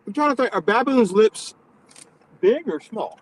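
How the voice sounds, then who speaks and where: A man hosting a live stream, teasing his guest with mock-serious, deadpan lectures in casual banter. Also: high-pitched, unhurried, low-quality recording. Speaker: stream host.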